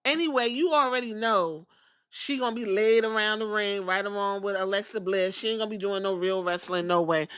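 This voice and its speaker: Woman podcast host, bright forceful voice, gossipy profane storyteller. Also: mid-range voice, fairly quick, clean tone. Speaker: podcast host reviewing wrestling. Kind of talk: casual recap.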